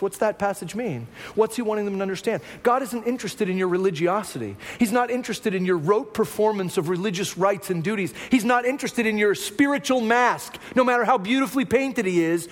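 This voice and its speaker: High-voiced pastor preaching in a reverberant hall. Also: male voice. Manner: conversational preaching, swings from hushed to raised. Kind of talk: sermon.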